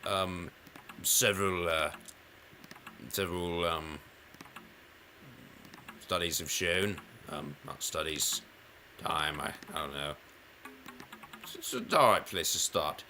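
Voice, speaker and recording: A young man vlogging about his own voices, rambling and halting, restarting sentences and playfully switching how he talks. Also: deep voice, pushed and bright, slight background noise. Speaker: YouTuber. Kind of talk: rambling self-reflective vlog.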